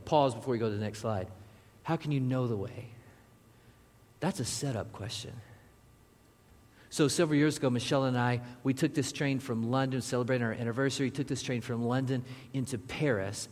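In the long reverb of a large hall, a man preaches a conversational sermon with occasional asides to the congregation. He is a pastor speaking at normal speed, his medium-pitched voice steady in tone.

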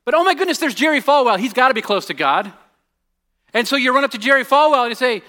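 High, bright-voiced man preaching casually. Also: fast. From United States. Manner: animated storytelling, drops to a hushed voice on serious points, many restarts. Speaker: pastor. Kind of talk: conversational sermon.

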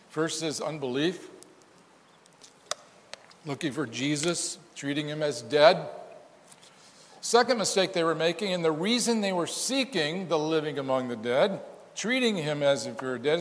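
A man's voice: on the high side, long reverb tail. A man preaching a sermon as pastor, emphatic and full of rhetorical questions.

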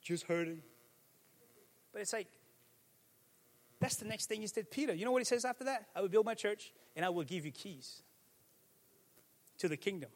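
A man preaching a sermon as pastor, moving between quiet reflection and fervent shouted declarations. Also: sits high, lively intonation, moderate pace, pauses often, long reverb tail. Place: church sanctuary.

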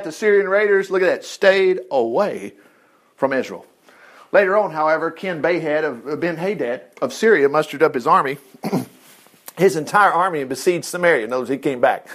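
Preacher guy, high voice, swings all over the place telling a bible story. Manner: animated, acts out the people in the story. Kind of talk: sermon retelling a Bible story.

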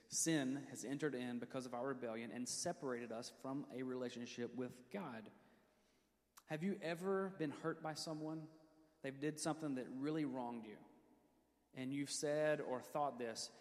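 A man preaching a sermon who leads the congregation in call-and-response, tells stories from his own life, and slows down to read scripture. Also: mid-range voice, darkish tone. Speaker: pastor. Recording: long reverb of a church hall.

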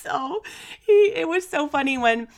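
A woman's voice: high-pitched, lively intonation, a little slow, creaky. A woman hosting her own podcast, telling family stories in a chatty way, often laughing and using fillers. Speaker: podcast host. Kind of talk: casual solo podcast storytelling.

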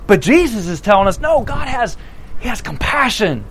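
High-voiced man preaching a sermon. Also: brisk, poor audio. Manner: animated, acts out the characters' lines in voices. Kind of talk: sermon retelling a parable.

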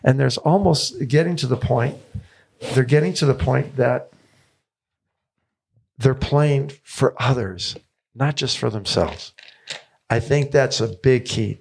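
A man's voice: mid-range voice, vocal fry. A man in his seventies, a tennis coach telling stories as a podcast guest, enthusiastic and repeating phrases for emphasis. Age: 70s.

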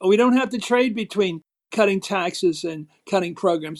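An older man with a Philadelphia accent, telling stories emphatically as an interview guest. His voice sits fairly high, and he slips into the voices of the people he quotes. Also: moderate pace. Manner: emphatic, storytelling, acts out quotes. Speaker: guest, former TV political host. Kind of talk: animated interview talk.

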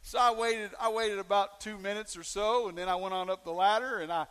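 Male pastor mid-sermon, folksy, asks the room questions; high voice, echoing church hall. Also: steady tone, a little fast, fairly bright tone, smooth. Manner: folksy storytelling with questions to the congregation.

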